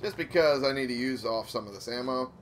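A man's voice: mid-range voice, brisk, noisy background. A man giving casual gameplay commentary, muttering to himself, swearing often, and making fun of himself.

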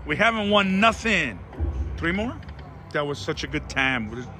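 A man's voice: a little high, big pitch swings, unhurried, bright, forceful tone, a little hiss or hum. A man giving casual live commentary while gambling at a casino slot machine, talking to his viewers in a dramatic, theatrical way.

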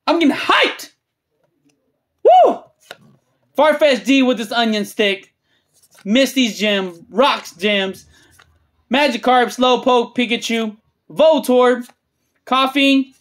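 A channel host rips trading card packs, listing cards under the breath and erupting with cursing hype at the big hits. The delivery is slow and drawn out, with emphatic repeats and shouts when something rare turns up. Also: medium pitch. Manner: excitable, swears freely, yells at big pulls; drawn-out, emphatic phrasing between muttered card lists. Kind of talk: hyped pack-opening vlog commentary.

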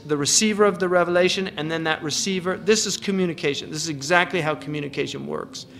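A man's voice: high voice, fairly bright tone. A man giving an earnest religious lecture, restarting phrases often and reciting Arabic verses. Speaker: Islamic lecturer.

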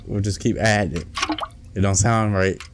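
Gaming streamer man, low voice, excitable running commentary. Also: normal speed, heavy background noise. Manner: excitable, talks to his in-game companion, trash-talks. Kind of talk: let's play commentary.

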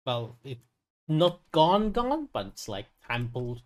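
A man's voice: medium pitch, big pitch swings, slow. Hesitant male game master. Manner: hesitant, filler-heavy narration. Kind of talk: narrating a tabletop game.

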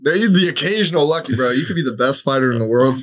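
A young man, a podcast guest and social media creator, telling loose, animated stories and swearing freely. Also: medium pitch, fast. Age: young adult. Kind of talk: casual storytelling.

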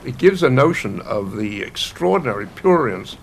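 An older American man talks slowly and thoughtfully, stopping now and then to restart. His voice is gravelly, with a faint hiss behind it. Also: medium pitch, big pitch swings. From United States. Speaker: novelist being interviewed. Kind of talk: reflective documentary interview.

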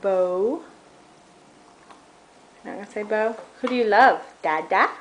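A woman's voice: mid-range voice, slow, a little hiss or hum, low-quality recording. A young woman filming her baby at home, coaxing him in sing-song baby talk and repeating simple words.

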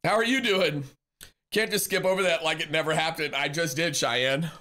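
A man's voice: fairly high pitch, normal speed, bright, forceful tone. A man live-streaming, chatting casually with viewers, reading chat, greeting people and laughing often in a teasing way.

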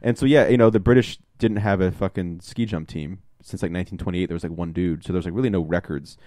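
Young male podcast host, low voice, dry close sound, rambling and profane. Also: quick pace, warm tone, no echo. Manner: rambling, swears often, many fillers and restarts. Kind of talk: casual movie review chat.

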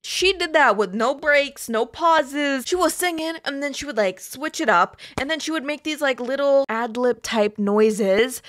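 This woman is hosting a casual reaction video, and she is quick to gush and exclaim. Her voice sits a touch high and moves through a wide, animated range of pitch. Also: no echo, clean studio sound. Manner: excitable and exclamatory, gushing asides.

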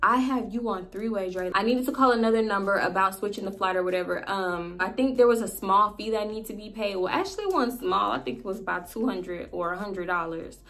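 Young female storyteller vlogger; casual, slangy, animated delivery. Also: medium pitch, a little fast, hardly any pauses. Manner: animated, slangy, laughing asides.

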